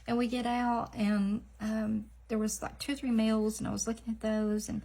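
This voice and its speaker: A middle-aged woman, chatting casually in a nail art vlog, rambling and laughing often, with soft asides. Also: fairly high pitch, level tone, a little fast, vocal fry, hardly any pauses, slight background noise.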